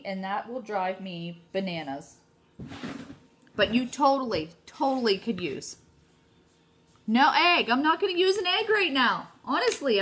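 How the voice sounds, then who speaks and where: A woman's voice: fairly high pitch, noisy background. Bubbly chatty woman crafting live. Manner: chatty, gushing, talks to viewers directly. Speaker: craft video host. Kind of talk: casual live crafting demo. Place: home craft room.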